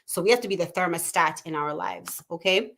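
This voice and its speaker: A woman's voice: lowish voice, brisk, fairly bright tone. Chatty woman host in her thirties, casual live-stream talk from home, reads comments aloud.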